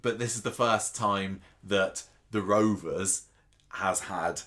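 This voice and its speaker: Man, very low voice, casual podcast co-host, chatty, rambling, restarts a lot. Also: slow pace, fairly bright tone. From England. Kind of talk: casual chat about a soap opera.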